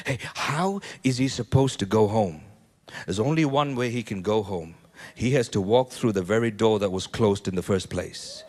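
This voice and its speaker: A man preaching a sermon in a church, animated, often repeating words and building to loud peaks. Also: medium pitch, moderate pace. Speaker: pastor. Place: church hall.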